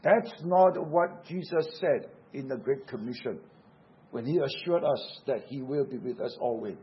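A man's voice: mid-range voice, expressive, a little slow. Earnest male preacher, lo-fi sound. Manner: earnest, emphatic preaching with repeated phrases. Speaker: pastor. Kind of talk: sermon.

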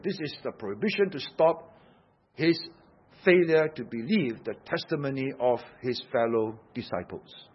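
Male preacher, husky voice, emphatic, swings between hushed and forceful; lo-fi recording. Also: mid-range voice, expressive, normal speed. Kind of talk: sermon.

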